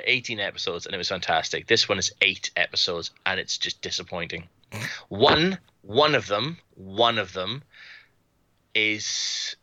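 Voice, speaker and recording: Male, low and sharp-toned; dry close mic, casual podcast banter. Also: no room sound, dull audio. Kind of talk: casual chat.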